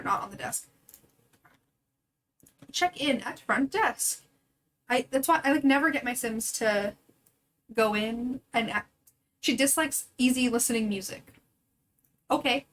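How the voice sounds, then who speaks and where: A woman's voice: high voice, fairly bright tone, low-quality recording. A young woman streaming a life-sim game, chatting casually with her viewers and often laughing. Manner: chatty, giggly, talking to chat. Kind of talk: casual gameplay commentary.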